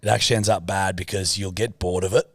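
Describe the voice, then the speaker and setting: A man's voice: deep voice, fairly even intonation, fast. A man, co-hosting a podcast in blunt, teasing casual chat. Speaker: podcast co-host.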